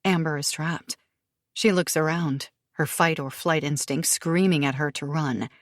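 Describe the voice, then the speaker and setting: Low-voiced woman narrating a thriller. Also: fairly even intonation, measured pace, dry recording, clean studio sound. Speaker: audiobook narrator.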